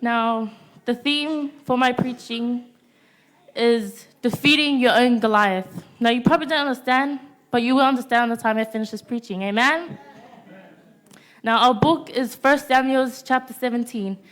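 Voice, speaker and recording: Speaking to a church youth group, this teen girl preaches in a high, fairly bright voice. Her sermon comes as brief declarations, and nearly every one is followed by a pause and a call-and-response "Amen?"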